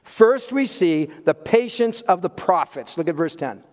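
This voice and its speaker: A man preaching a sermon as pastor, swinging from loud emphasis to hushed asides and chuckling at his own jokes. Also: high voice, expressive, unhurried. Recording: long hall reverb.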